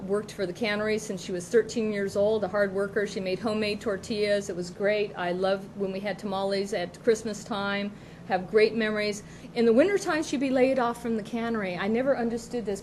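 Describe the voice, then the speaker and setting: A woman's voice: mid-range voice, a little mellow, slight background noise, rough recording. Chatty middle-aged woman telling stories. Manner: rambling, chatty, laughs often while telling stories. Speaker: co-host. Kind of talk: casual chat, personal storytelling. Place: local TV studio.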